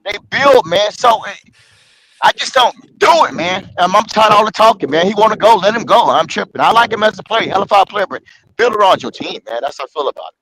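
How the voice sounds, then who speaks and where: A man's voice: high-pitched, animated, fairly quick, a bit bright, rough recording. A man in casual sports talk, emphatic and repeating himself, tagging lines with "man".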